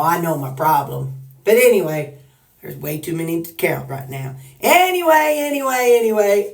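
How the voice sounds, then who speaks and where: This Missouri woman, a weight-loss vlogger with a Southern US accent, chats casually to camera for her followers in a folksy way, joking and rambling. Her voice is fairly low and darkish, captured on a distant mic with reverb.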